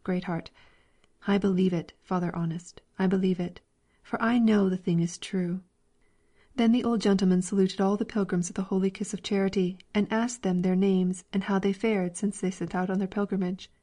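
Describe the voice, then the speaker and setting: Mellow-voiced woman reading an old allegory. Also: mid-range voice. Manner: calm, measured storybook reading with plain character voices. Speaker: reader. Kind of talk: scripted narration of a classic allegory.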